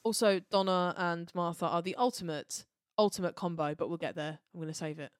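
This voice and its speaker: A woman co-hosting a podcast in casual chat, animated and jokey, often quoting lines in a high put-on voice. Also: fairly quick, no echo, clean studio sound. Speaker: podcast co-host.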